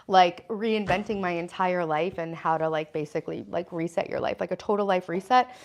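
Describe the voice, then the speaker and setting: A woman's voice: lowish voice, brisk. Chatty woman hosting a livestream. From United States. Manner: chatty, reads viewer comments aloud and answers them. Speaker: livestream host. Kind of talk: casual livestream chat.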